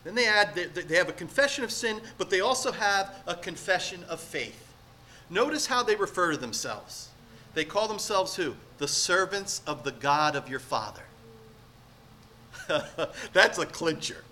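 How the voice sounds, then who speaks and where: High, bright-voiced preaching man. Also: animated, measured pace, slight background noise. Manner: earnest, emphatic preaching with rhetorical questions. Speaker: pastor. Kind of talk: sermon.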